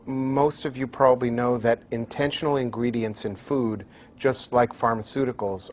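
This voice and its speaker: A man giving a university lecture in a hall, telling stories in a lively, joking way. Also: medium pitch, dull audio, slight background noise.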